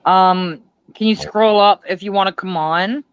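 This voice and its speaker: A woman's voice: mid-range voice, measured pace, clean tone, dry recording. A chatty Canadian woman hosts a casual livestream, laughing easily and filling her talk with "like." Her voice sits mid-range and comes through dry and a little muffled, as over a cheap webcam mic. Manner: giggly, chatty, lots of "like". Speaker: livestream host.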